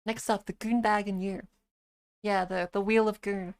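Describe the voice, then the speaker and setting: A woman's voice: medium pitch, flat delivery, moderate pace. A woman chatting casually with her live-stream viewers, swearing freely and laughing often.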